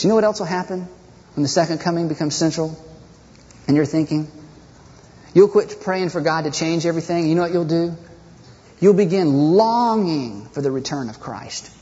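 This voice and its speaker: A man's voice: a little high, a little mellow. A man preaching a sermon as pastor, impassioned and rhetorical, acting out people's prayers. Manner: impassioned, rhetorical, acts out prayers in mocking voices. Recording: dull echoey hall.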